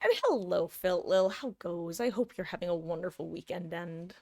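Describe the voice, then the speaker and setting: A woman's voice: lowish voice, moderate pace, mellow. Chatty rambling woman streamer. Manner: chatty, rambling, self-interrupting, laughs often. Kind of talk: casual live-stream chat.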